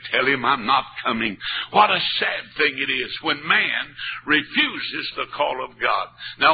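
A man preaching a revival sermon in a church, fervent, dropping to hushed storytelling and rising to shouts. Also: mid-range voice, creaky. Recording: tinny narrow-band old recording with faint hiss.

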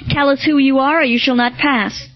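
A man's voice: very high voice, fairly even intonation, moderate pace. Woman reading a rude street tough. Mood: brusque. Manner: brusque. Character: rude, bold male street spokesman. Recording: dull lo-fi with faint music.

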